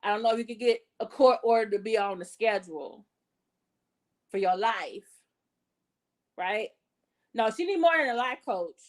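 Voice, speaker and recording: A woman's voice: on the high side, lively intonation, normal speed, pauses often. A woman hosting casual gossip commentary, blunt and profane, chatty with fillers and self-corrections. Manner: blunt and profane, talks with her hands in her words. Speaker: commentary channel host.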